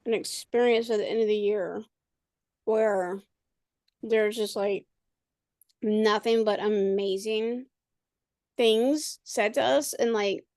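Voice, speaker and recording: A woman's voice: mid-range voice, fairly even intonation, takes it slowly, pauses often, darkish tone, no echo. A woman chatting casually on a video call, rambling with lots of fillers and restarts. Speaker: podcast co-host and parent. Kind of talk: casual chat.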